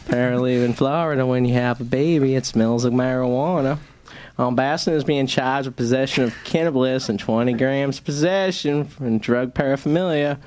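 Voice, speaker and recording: A man's voice: medium pitch, a little mellow. A man hosting a radio talk show in a playful, joking manner. He reads out strange crime news and riffs on it between items. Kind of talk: casual banter and reading news items.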